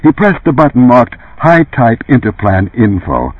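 A man narrates an audiobook with a lively, swinging pitch and a slightly husky voice. The recording is dry and close, with a tinny, phone-like narrowness. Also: moderate pace, dry recording. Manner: expressive, varied delivery.

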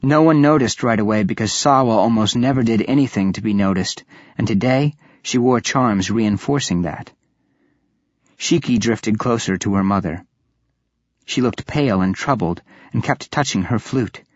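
A man giving steady, even scripted narration of a fantasy audiobook. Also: on the low side, normal speed, no echo. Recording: dull lo-fi audiobook recording.

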